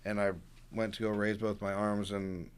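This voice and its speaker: A man, a podcast guest, telling a personal story in a casual, animated and humorous way. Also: fairly low pitch, moderate pace, clear, resonant tone.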